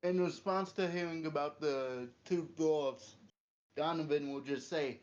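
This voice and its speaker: A man's voice: on the high side, unhurried, a little mellow, dull audio. A man playing a tabletop game, describing his character's actions. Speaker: player. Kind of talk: casual game chat.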